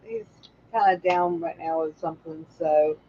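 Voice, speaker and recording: A woman's voice: low voice, moderate pace. Woman chatting on a home live stream, tired and yawny, muffled lo-fi audio with a faint hum. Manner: chatty, reads viewer comments, yawning. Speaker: co-host of a livestream. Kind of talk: casual chat.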